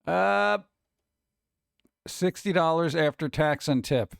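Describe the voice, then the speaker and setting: A man hosting casual reaction commentary, excitable and exclamatory, rambling between remarks. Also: on the high side, unhurried, dry recording, clean studio sound. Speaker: host.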